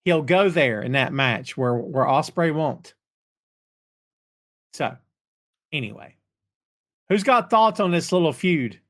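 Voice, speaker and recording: High-voiced, animated male podcast host. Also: takes it slowly, long pauses. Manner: animated, rambling, chuckling; folksy slang. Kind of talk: live call-in chat show, reading viewer comments.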